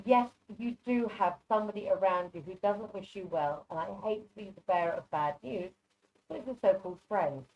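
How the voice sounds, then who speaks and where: A woman's voice: mid-range voice, a little fast, highs cut off, a little hiss or hum. A woman doing live psychic readings over a video call, affectionate and chatty, calling people darling. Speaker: psychic reader.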